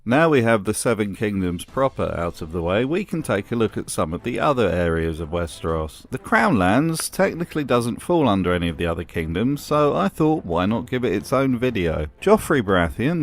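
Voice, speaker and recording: A man hosting a scripted commentary voice-over in a sardonic, mocking way. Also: on the low side. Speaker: host.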